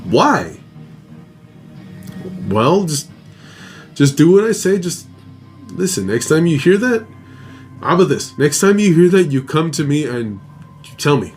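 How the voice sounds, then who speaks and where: A man doing a stern, hushing mother. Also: on the high side, big pitch swings, measured pace, pauses often, faint music behind, voice pushed up. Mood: firm, hushing. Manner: firm, hushed instructions. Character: stern, protective mother hushing her daughter.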